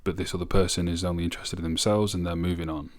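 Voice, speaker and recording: A man's voice: low voice, little pitch movement, quick pace, darkish tone. A man hosting a music review, casually reading song lyrics aloud and reflecting on their meaning. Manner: reflective, reads lyrics aloud and picks them apart.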